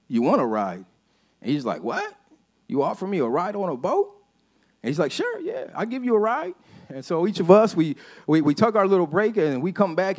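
In a church sanctuary, a pastor preaches a sermon built around a personal story, speaking casually and conversationally. He often drops to a soft, low voice for emphasis.

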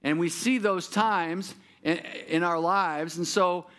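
A man's voice: sits high, steady tone, slow pace, fairly bright tone. A man preaching a sermon as pastor, talking conversationally and asking the congregation many rhetorical questions.

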